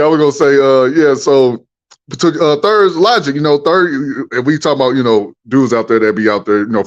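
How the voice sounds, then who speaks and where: A man in casual podcast chat, talking in a laid-back, rambling way with frequent laughs. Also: mid-range voice. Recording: dull lo-fi sound.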